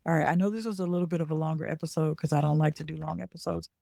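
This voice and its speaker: A woman's voice: low voice, steady tone, very fast, vocal fry, warm tone, dry recording, clean studio sound. A woman hosting a podcast as a business coach. She talks in a chatty, casual way, checks in with listeners with a frequent "okay?", and corrects herself mid-sentence. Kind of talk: casual talk.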